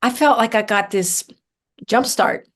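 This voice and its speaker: A woman from southern Ohio, a guest on a podcast, telling stories in an animated, chatty way with many fillers. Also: fairly high pitch, a little slow. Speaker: herbalist guest. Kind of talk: casual storytelling interview.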